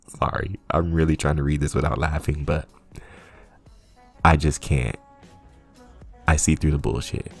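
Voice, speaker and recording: A man's voice: extremely low pitch, steady tone, unhurried, pauses often, slightly rough, dry recording, studio quality. A man hosting a commentary channel, ranting sarcastically with frequent laughs and swearing. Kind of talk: casual commentary rant.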